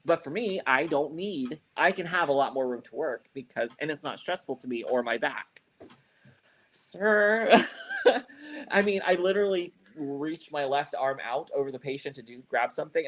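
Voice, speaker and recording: A man's voice: medium pitch, brisk, hardly any pauses. A man on a podcast, telling a story in casual chat, rambling and swearing, with lots of "like" and "you know.". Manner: frequent fillers like "like" and "you know". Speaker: podcast co-host.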